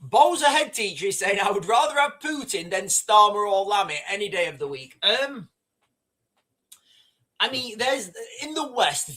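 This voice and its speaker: A man's voice: high voice, pushed and bright. A man hosting a casual livestream, rambling and repeating himself as he reads out viewer comments. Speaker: livestream host.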